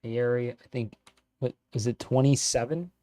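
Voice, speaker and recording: A man streaming live football watch-along commentary, reacting excitedly as a fan and chatting with viewers. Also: medium pitch, normal speed.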